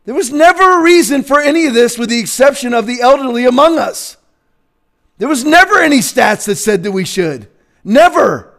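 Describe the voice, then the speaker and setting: High-voiced man ranting. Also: animated, normal speed. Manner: combative, emphatic, bursts into shouting. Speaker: political commentator. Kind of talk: opinion rant.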